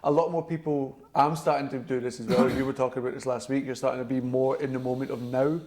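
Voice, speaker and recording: A young man with a West of Scotland accent, talking bluntly and swearing freely as he co-hosts a casual podcast chat. His voice sits at an ordinary middle pitch. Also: level tone, fast talker, a little mellow. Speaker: podcast co-host.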